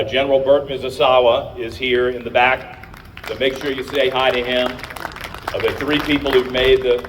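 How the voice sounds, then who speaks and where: A man's voice: mid-range voice, recorded from a distance, a little hiss or hum, poor audio. A middle-aged man from Virginia, a candidate and radio host, giving an emphatic speech to a crowd at an outdoor rally. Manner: emphatic, rousing, addresses the crowd.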